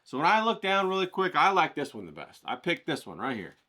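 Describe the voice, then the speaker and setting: A man teaching an art class in a motivational, coaching way, often checking in with the listener and rising with excitement. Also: fairly quick. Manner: animated, rises in pitch when excited.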